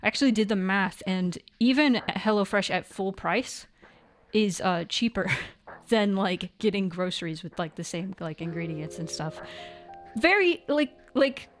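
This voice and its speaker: A young woman chats loosely on a live stream, wandering through her points with plenty of "um" and "like". She talks into a desk microphone at a middle pitch, with soft music underneath. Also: lively intonation, a little slow. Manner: rambling, many fillers and restarts. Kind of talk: casual live-stream chat with sponsor read.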